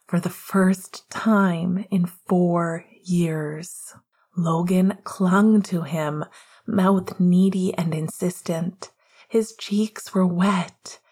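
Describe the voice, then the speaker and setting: A woman reading romance narration in a hushed, half-whispered voice. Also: mid-range voice, husky. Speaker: audiobook narrator.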